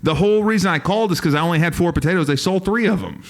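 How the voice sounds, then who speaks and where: Young male comedy podcast co-host, storyteller, voice jumps around a lot, somewhat high. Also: expressive, racing. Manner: rambling storyteller, acts out quotes with big swings. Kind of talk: casual comedic chat.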